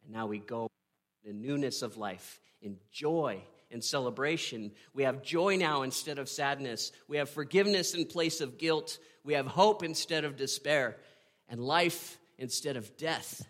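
A man preaching a sermon, retelling a story with earnest drama, pausing and asking "right?". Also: mid-range voice, fairly bright tone. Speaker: pastor.

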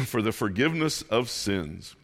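A male preacher at an ordinary middle pitch delivers his sermon like a relaxed conversation. He tells a personal story in a self-mocking way. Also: a little slow. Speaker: pastor.

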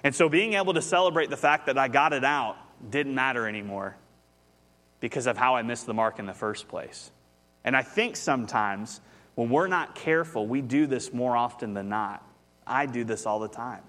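A man's voice: mid-range voice, expressive, moderate pace, fairly bright tone. A man, preaching a conversational sermon as pastor, telling a story and rising with animation.

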